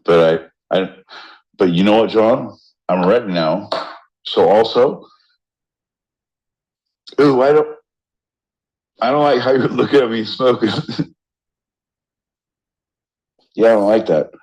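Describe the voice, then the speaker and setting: Slow, low-voiced rowdy podcast host. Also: male voice, highs cut off. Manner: rowdy, joking, swings into loud mock voices. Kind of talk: casual banter.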